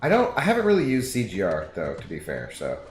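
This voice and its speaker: A man's voice: fairly low pitch, wildly swooping pitch, quick pace. Chatty Southern US man streaming. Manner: rambling, chatty, laughs often. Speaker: game streamer. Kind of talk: casual chat with viewers. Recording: roomy room echo, faint music. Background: faint background music.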